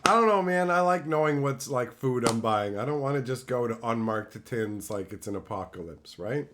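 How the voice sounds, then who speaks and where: This is casual livestream chatter from a man who riffs on viewer messages with profane, crude humor. He talks at a moderate pace in a medium-pitched, lively voice, with background noise audible.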